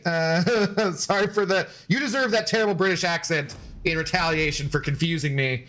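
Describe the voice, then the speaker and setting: A man's voice: high-pitched, fairly quick, a bit bright. A man streaming a game and chatting loosely with viewers, laughing often and swearing casually.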